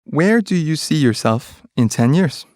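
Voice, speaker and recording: Male reader for language drills, measured and clear, slightly raised pitch. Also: no room sound, clean studio sound. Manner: clear, even, measured delivery of single sentences. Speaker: reader of practice sentences. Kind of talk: reading English practice sentences.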